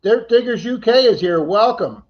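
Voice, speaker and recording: A man's voice: high-pitched, lively intonation, moderate pace. Chatty man hosting a lo-fi livestream. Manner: chatty, thanks viewers by name, laughs easily. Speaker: livestream host. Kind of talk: casual chat reading viewer comments.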